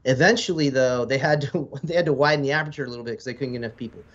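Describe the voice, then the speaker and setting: A medium-pitched, fairly bright male voice fires off words rapidly: an American veteran in his forties on a podcast, rambling through long stories in laid-back, profane language. The audio has a slightly dull, lo-fi quality.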